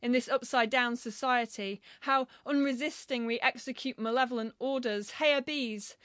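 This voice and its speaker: High-voiced woman reciting poetry solemnly. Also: fairly bright tone, no room sound, studio quality. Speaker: translator reading poetry. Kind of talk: poetry reading.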